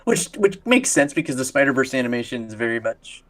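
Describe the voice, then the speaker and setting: A man's voice: medium pitch, sing-song, quick pace, a bit bright. A man co-hosting a casual podcast chat with his brothers, laughing often and acting out quoted lines. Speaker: podcast co-host.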